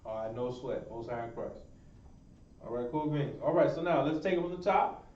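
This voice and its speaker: A man's voice: a little high, normal speed, a little mellow. A man teaching a Hebrew language class, repeating his praise and encouraging students. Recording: echoey room, far mic, muffled.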